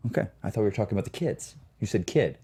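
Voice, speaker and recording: Animated, jokey male podcast host. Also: fairly low pitch, racing, slightly rough. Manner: jokey, animated, riffs off his partner. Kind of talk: casual chat on a film news podcast.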